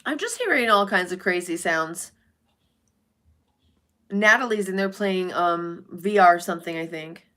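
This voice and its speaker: A woman's voice: fairly low pitch, expressive, unhurried, long pauses, bright, forceful tone. Woman streamer just chatting, curses a lot, calls out viewers by name. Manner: blunt and profane, chatty, reads out viewer names. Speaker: livestream host. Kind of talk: casual chat with live viewers.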